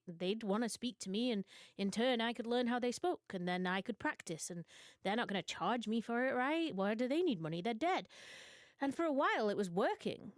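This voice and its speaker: A young woman from Britain telling absurd mock confessions to her stream audience in a deadpan, mock-serious way. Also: mid-range voice, dry recording. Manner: mock-serious storytelling, dry absurd humor. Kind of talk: deadpan comedic monologue.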